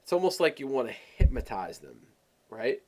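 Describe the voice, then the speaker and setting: A man presenting a sales training webinar, talking in an animated, emphatic coaching way. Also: mid-range voice, moderate pace.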